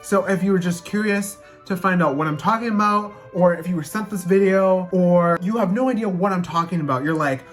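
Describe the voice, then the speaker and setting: A woman's voice: lowish voice, brisk, hardly any pauses, soft background music. A young adult woman vlogging in a brash, profane and theatrical way as she explains her slang in casual talk.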